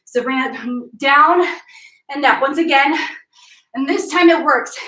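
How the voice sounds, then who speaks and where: A young woman leads a home workout class and tells an old legend between exercise cues, playful and full of energy. Her voice is high and bright. It is recorded from some distance in an echoey room. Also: slow pace. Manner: energetic, playful, retelling a legend while cueing moves. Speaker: fitness instructor. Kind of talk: live workout class with storytelling.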